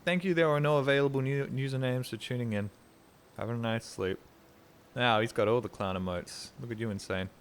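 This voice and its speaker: A man's voice: medium pitch, fairly even intonation, brisk, clean tone. A man streaming a video game, rambling casually to his chat and swearing freely. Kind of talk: casual gameplay commentary.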